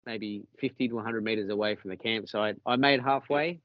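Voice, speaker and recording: A man's voice: on the low side, a little fast, dry recording, lo-fi sound. A man with an Australian accent telling a story in a casual podcast chat, rambling and swearing with many restarts.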